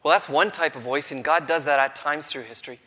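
Bright-voiced man preaching in a reverberant hall. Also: fairly high pitch, a little fast. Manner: earnest, drops to a hush for quoted words. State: has a cold, throat strained. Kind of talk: sermon.

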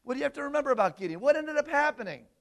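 A man delivers an energetic sermon, his voice pitched notably high for a man. He tosses questions out to his listeners and drives his points home with emphasis. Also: very fast, gravelly. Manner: animated, asks the audience questions. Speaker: preacher. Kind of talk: sermon to a congregation.

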